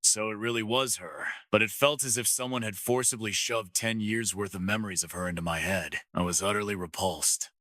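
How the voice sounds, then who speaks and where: A man with a lowish, bright voice tells a love story in the first person. His steady reading sits dry and close to the mic. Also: fairly quick, hardly any pauses, no echo. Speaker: narrator. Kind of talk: first-person audiobook narration.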